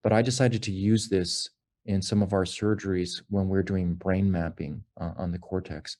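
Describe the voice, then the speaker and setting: A man presenting research findings in a measured academic lecture, explaining slides with frequent pauses and fillers. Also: low voice, steady tone, a little mellow.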